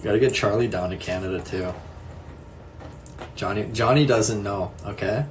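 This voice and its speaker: A young man with a slightly low voice chats with his viewers in a casual, unhurried way. He answers their comments one at a time, often repeating himself softly. He laughs easily as he goes. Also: slight background noise. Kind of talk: casual live chat.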